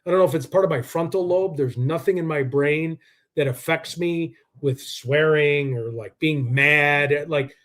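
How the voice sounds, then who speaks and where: A man's voice: a little high, a little slow, a bit bright. A man hosting a live true-crime stream, rambling and combative, with lots of filler words. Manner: rambling, combative, heavy use of "like".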